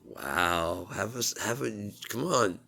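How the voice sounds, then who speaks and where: A man's voice: lowish voice, sing-song, slow, gravelly, sharp tone. A man in a rambling, profane casual monologue, chuckling at his own jokes.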